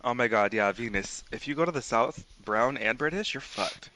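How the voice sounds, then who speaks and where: A man's voice: medium pitch, animated, bright, forceful tone, slight background noise. A man playing in an online tabletop game, chatting casually and telling jokes. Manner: quick, joking, storytelling. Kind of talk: casual chat on a group call.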